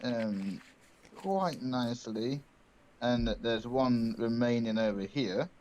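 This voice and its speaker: A man playing a tabletop game, describing his turn in a deliberate, halting way with many pauses. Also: mid-range voice, darkish tone, slight background noise, low-quality recording. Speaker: player.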